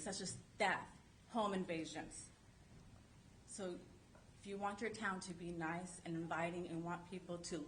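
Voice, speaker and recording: A woman's voice: lowish voice, a bit bright, a little hiss or hum. A woman speaking as a resident during public comment at a city council meeting, emphatic and insistent, repeating her points.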